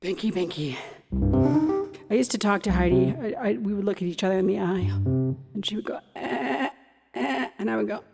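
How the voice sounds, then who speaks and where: A woman's voice: medium pitch, fairly even intonation, racing, creaky. Chatty woman with hall reverb. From Ontario, Canada. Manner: chatty and rambling, restarts her sentences. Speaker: cabaret host and singer. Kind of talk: casual livestream chat between songs. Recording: long hall reverb with faint music.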